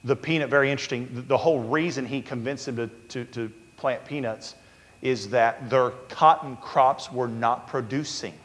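Man, pastor, sermon, storytelling, acted-out quotes, long hall reverb. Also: medium pitch. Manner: storytelling, acting out quotes in a raised voice.

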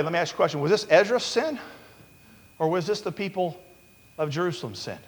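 A man preaching a sermon as pastor, with many fillers and restarts, building to repeated shouted warnings. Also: on the high side, lively intonation, brisk, long pauses. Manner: preaching with rising shouts and repetition. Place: church sanctuary. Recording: long hall reverb.

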